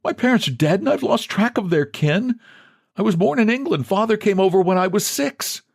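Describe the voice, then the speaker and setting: A man's voice: animated, moderate pace, gravelly, full character voice. A man voicing a broken middle-aged clerk who pleads pitifully to be believed. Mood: pleading. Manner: pitiful, high and begging.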